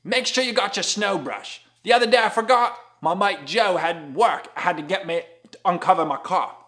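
A man's voice: sits high, normal speed, fairly bright tone. A man with an Appalachian accent giving a jokey driving-conditions vlog from his car, sprinkling in mock Aussie slang. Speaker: vlogger giving road reports.

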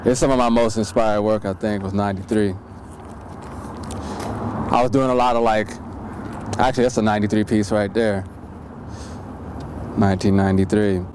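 A man's voice: fairly low pitch, fairly even intonation, normal speed, long pauses, noisy background. Rambling man reminiscing outdoors. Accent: Seattle. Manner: loose, rambling, many "you know what I mean". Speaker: interviewee. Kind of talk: casual reminiscing interview.

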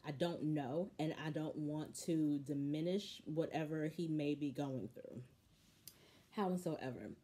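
A woman hosting a casual recap of a reality show, telling the story in an animated, opinionated way. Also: low-pitched.

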